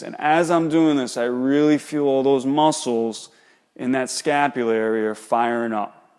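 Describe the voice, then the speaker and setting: A man's voice: medium pitch, moderate pace, darkish tone, long reverb tail. A man, an exercise specialist, explaining and demonstrating shoulder exercises in a coaching manner.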